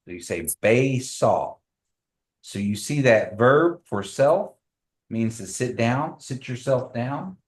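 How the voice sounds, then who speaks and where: A man teaching a language class, speaking slowly and patiently, repeating phrases for the group. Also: mid-range voice, expressive.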